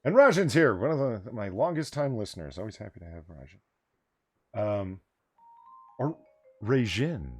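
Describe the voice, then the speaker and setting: Hosting a late-night livestream bar hangout, a man with a fairly low voice talks at normal speed, very animated yet pausing often, against faint music. He chats casually, wandering off topic, swearing and laughing frequently.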